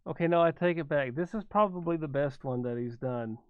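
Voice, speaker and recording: Smooth-voiced guy reacting casually, tinny phone-like sound, dry. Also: fairly high pitch, fairly quick, no echo. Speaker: react channel host.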